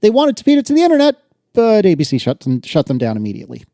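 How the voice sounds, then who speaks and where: Lively mellow-voiced man reading listener mail. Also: high voice, racing, dry recording, clean studio sound. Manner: lively, laughs often, reads letters aloud. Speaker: podcast co-host. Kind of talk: casual tech podcast chat, reading listener mail.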